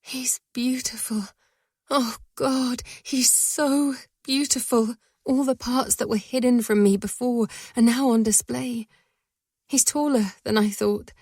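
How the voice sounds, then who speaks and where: A woman narrating a first-person romance audiobook in a soft, breathy voice that often sinks to a whisper. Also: medium pitch, no room sound, clean studio sound.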